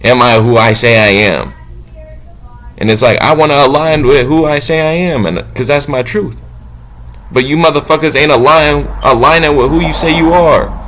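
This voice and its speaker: Blunt, profane man preaching self-belief. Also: moderate pace. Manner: blunt and profane, swinging between low musing and loud preaching. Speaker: motivational talker. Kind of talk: unscripted spiritual monologue.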